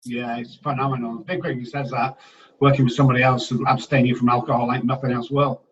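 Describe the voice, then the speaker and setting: A man's voice: medium pitch, little pitch movement, quick pace, fairly bright tone, recorded from a distance, muffled recording. A man from England, a recovery doctor talking bluntly and swearing a lot in a casual interview.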